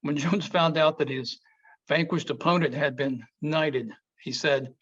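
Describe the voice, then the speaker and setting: Man giving a lively history talk. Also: fairly high pitch, unhurried, slightly rough. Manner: storytelling, emphatic, quotes historical figures. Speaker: museum speaker. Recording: dull lo-fi sound.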